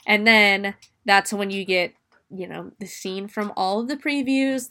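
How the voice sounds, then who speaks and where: A woman's voice: medium pitch, pushed and bright. A young woman casually recapping a film scene by scene, chatty and swearing freely. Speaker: movie reviewer. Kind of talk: casual spoken movie recap.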